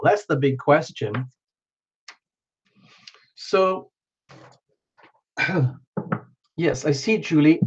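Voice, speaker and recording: A man's voice: fairly high pitch, darkish tone, breathy edge, muffled recording. A worn-out man hosting a tarot livestream, rambling casually and greeting viewers by name.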